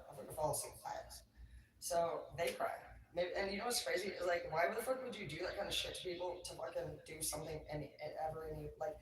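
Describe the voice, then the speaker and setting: A man's voice: on the high side, a little hiss or hum. A man doing a livestream tarot reading in a heated, profanity-laced rant, picked up by a distant mic. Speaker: tarot reader. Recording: roomy, distant mic, faint ambience.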